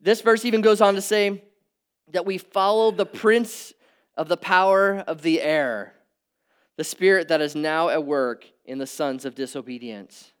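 A middle-aged man delivers a sermon in a smooth, resonant voice that sits a little high. He keeps it conversational, checking in with his listeners. He climbs to emphatic peaks and drops back to quiet, low asides. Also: steady tone, measured pace. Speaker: pastor. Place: church hall with audience.

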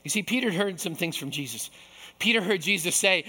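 A man preaching as pastor, animated and acting out voices from the story. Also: a little high, a little fast, big-room sound. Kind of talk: sermon.

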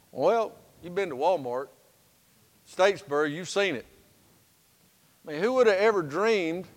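A man preaching a sermon as pastor, folksy and humorous, moving between loud and hushed passages. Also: high voice. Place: church sanctuary. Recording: long reverb of a church sanctuary.

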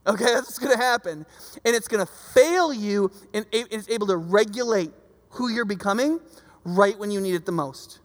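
A preacher giving a casual, conversational sermon, lively and acting out the voices of people in the stories. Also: mid-range voice, normal speed. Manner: animated, acts out quoted voices. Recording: long reverb of a large hall.

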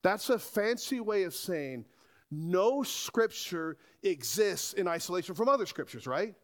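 A man preaching a sermon to a congregation, animated and asking rhetorical questions. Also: high-pitched, a little slow. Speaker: pastor.

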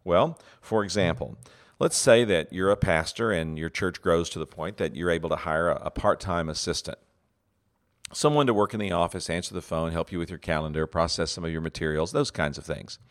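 A man's voice: sits low, a little fast. A man giving a teaching talk on leadership, earnest and full of fillers and restarts, acting out example phrases.

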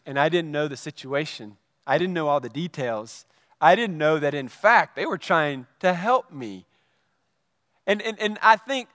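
A middle-aged male pastor preaching a sermon, telling a story and acting out his own reactions with lively energy. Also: fairly high pitch, clean tone, dry recording, clean studio sound, long reverb tail.

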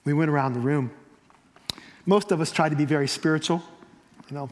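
Man, preacher, sermon, fairly high voice, loud peaks and near whispers, long hall reverb. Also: brisk, a little hiss or hum. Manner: dynamic, swings from loud emphasis to near whispers.

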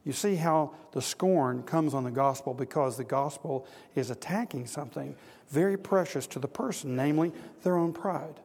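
A man's voice: on the high side, moderate pace, darkish tone, breathy edge, long reverb tail. A man preaching a sermon to an audience of men, earnest and exhorting, building to emphatic repetition.

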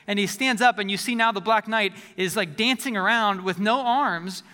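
A man's voice: high voice, normal speed, pushed and bright, clean tone, in a large hall. A man preaching a sermon as a pastor, conversational, often repeating words as he restarts phrases.

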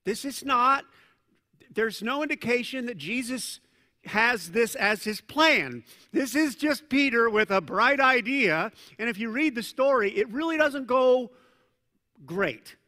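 A male pastor preaching a sermon in a conversational, animated way, with asides and self-corrections. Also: very high-pitched, a little slow. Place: church sanctuary. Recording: long reverb of a large church hall.

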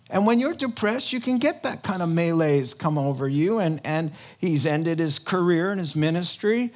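A man preaching a sermon in an animated, conversational way, breaking into sudden loud emphasis. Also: on the high side, normal speed, hardly any pauses. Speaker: pastor.

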